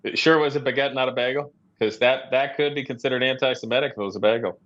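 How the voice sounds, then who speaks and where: A man from Ohio talks easily as a podcast guest, plainspoken and a little halting. His voice sits in a mid range, and the recording sounds somewhat dull and muffled. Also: medium pitch, steady tone, fairly bright tone. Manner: plainspoken, easygoing, stumbles over words. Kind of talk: casual banter interview.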